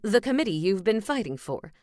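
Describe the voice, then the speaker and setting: Chatty helpful male ghost, read by a woman, earnest, mid-pitched. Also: sing-song, brisk, a little mellow, no echo, clean studio sound, close to an everyday voice. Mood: eager.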